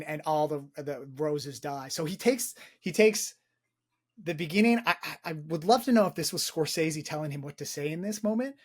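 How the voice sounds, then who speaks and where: In casual film talk on his podcast, this young co-host rambles with enthusiasm, repeats himself and swears freely. His voice is on the high side with a fairly bright tone.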